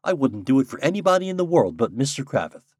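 A man's voice: mid-range voice, big pitch swings, fast, darkish tone, no room sound, clean studio sound, pitched above the performer's own voice. A man voicing a proud, earnest young guide who speaks respectfully.

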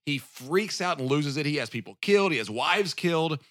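A man's voice: fairly high pitch, expressive, a little fast, a bit bright, dry recording. A man hosting a casual podcast discussion, rambling with restarts and laughing often, on a close mic. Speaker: podcast host. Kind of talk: casual chat.

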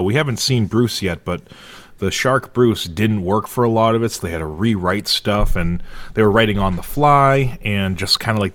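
Male co-host, low voice, relaxed trivia chatter. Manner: chatty, sharing film trivia with fillers. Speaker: podcast co-host. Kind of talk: casual movie discussion.

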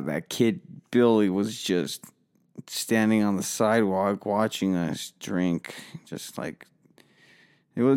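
Man, rambling comic storyteller, profane, lots of ums, smooth tone. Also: deep voice, darkish tone. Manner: rambling, profane, filler-heavy.

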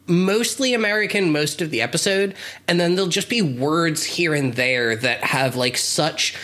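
A man co-hosting a podcast, with a voice a little higher than most men's. He chats casually, tossing in quick reactions and thinking out loud between them. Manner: reactive, quick interjections and musing asides. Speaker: podcast co-host. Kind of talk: casual chat.

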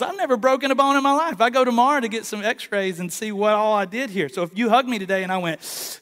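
Male pastor, late 30s, high-pitched, animated sermon storyteller, slightly breathless. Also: brisk, few pauses. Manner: storytelling, animated, calls for congregation response. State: short of breath from injured ribs. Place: church, live service.

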